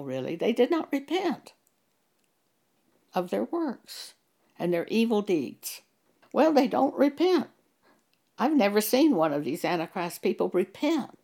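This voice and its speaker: A woman's voice: mid-range voice, vocal fry, darkish tone. A woman preaching in a monologue, citing scripture with emphasis and pressing rhetorical questions. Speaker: Bible teacher.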